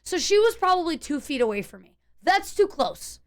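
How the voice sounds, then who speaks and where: A woman streamer telling her chat a tense story in a casual, animated way, full of restarts and fillers. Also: very high voice, normal speed.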